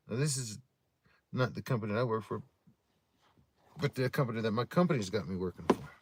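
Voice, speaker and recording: A man's voice: lowish voice, brisk, pauses often, breathy edge. Profane, rambling man on a livestream. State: drinking beer. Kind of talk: casual storytelling chat to a live audience.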